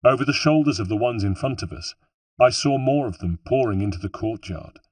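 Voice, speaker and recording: A man narrating an audiobook in a measured, somber first-person storytelling manner, with a husky voice. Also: medium pitch, animated, a little mellow, no room sound. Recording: dry, distant mic.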